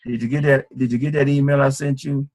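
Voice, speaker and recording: A man acting out a shy, low-energy caller who hesitates and mumbles through a sales call. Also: flat delivery, quick pace, a little mellow, close to an everyday voice. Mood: listless. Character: timid, flat-voiced man making a sales call.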